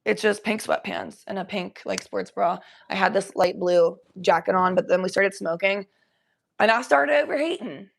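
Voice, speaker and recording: On a livestream, a young woman from around Cincinnati, USA, talks at a moderate pace with a creaky, mid-range voice. She's chatty, reads chat aloud, swears freely, and uses baby talk for the pets.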